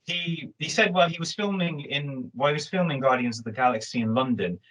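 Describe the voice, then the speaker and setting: A man's voice: fairly high pitch, fast talker, a bit bright, low-quality recording. A man with a Nottingham accent hosting a chatty interview, rambling and restarting often. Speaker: host. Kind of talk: casual interview chat.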